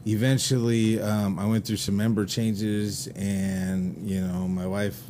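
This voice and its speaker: A man's voice: on the low side, flat delivery, measured pace, mellow, slight background noise. A middle-aged man with a Minnesotan accent, chatting casually as a podcast guest and telling rambling stories full of fillers. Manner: rambling storyteller, many fillers. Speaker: band leader and guest.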